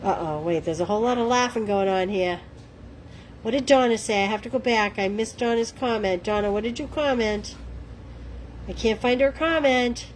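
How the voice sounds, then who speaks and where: A woman's voice: fairly high pitch, moderate pace, slight background noise, low-quality recording. A middle-aged woman with a Boston accent hosting a live crafting demo, chatting to viewers in a self-deprecating way. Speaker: craft livestream host.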